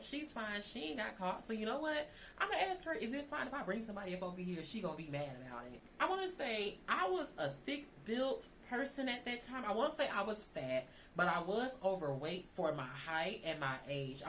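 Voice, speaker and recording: A woman's voice: on the low side, a bit bright, a little hiss or hum, poor audio. A young woman, chatting animatedly to viewers in a casual storytime. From Southern United States. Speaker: vlogger.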